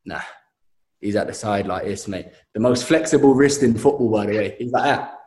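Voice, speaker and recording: A man's voice: fairly low pitch, normal speed, echoey room. A young man telling a story animatedly in a casual chat, with frequent restarts and slang. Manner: animated storytelling, says mate a lot.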